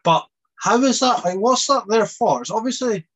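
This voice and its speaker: A man with a fairly high voice chats casually as a podcast co-host. He rambles, circling his point and stacking up fillers as he goes. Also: lively intonation, moderate pace, slightly rough. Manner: rambling, heavy use of "like". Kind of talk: casual chat.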